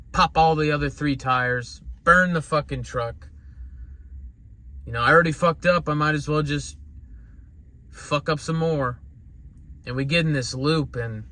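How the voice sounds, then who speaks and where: An earnest man with a somewhat high voice gives a rambling motivational talk. He swears freely and talks plainly. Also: sharp tone. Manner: earnest, rambling, salty language. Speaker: motivational speaker.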